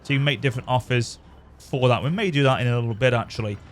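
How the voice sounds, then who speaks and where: A man's voice: mid-range voice, fast talker, soft background music. A man giving casual, rambling commentary over a strategy game. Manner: chatty, rambling, self-correcting. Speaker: gaming channel host. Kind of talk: casual let's-play commentary.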